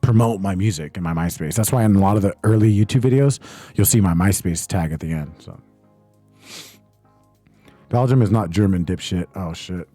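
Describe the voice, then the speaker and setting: A man's voice: low voice, normal speed, pauses often, dark tone, dry recording, faint music behind. A young man hosting a casual livestream, chatting loosely and reading out chat messages, swearing often. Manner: laid-back, loose, swears often, reads chat aloud. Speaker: livestream host. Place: home streaming setup.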